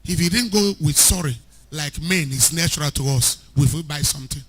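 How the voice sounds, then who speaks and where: A man preaching an animated sermon as a pastor, rising to shouts at times. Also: fairly high pitch, fairly quick, slightly rough. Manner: animated preaching, shouting at peaks, mixing in Pidgin.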